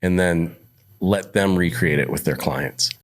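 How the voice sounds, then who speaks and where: Low-voiced fifty-year-old man telling stories. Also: a little slow. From Montana. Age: 50s. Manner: rambling, animated when quoting others. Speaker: podcast guest. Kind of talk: casual storytelling.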